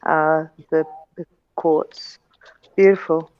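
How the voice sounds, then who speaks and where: A woman's voice: deep voice, steady tone, slow pace, clear, resonant tone. A woman chatting as a guest on an online call, hesitant and full of fillers. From Australia. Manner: soft-spoken, hesitant, many fillers. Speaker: panel guest. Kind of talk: casual online call chat. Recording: dull lo-fi online call audio.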